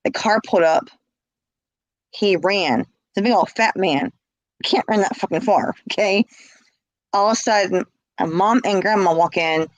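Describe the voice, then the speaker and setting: A woman's voice: mid-range voice, unhurried, pauses often, no room sound, rough recording. A woman telling her own story in casual speech, blunt and emphatic, often repeating words.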